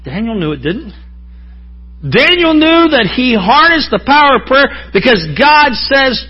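A man's voice: sits high, big pitch swings, measured pace, breathy edge, muffled recording. A man preaching a sermon in a folksy, joking way, often calling out to the congregation for an amen. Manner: folksy, joking, asks the crowd for amens.

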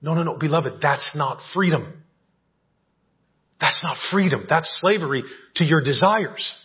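Man, pastor, conversational sermon, slightly high husky voice, dull lo-fi church recording. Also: a little slow. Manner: conversational preaching, often asks "right?". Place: church sanctuary.

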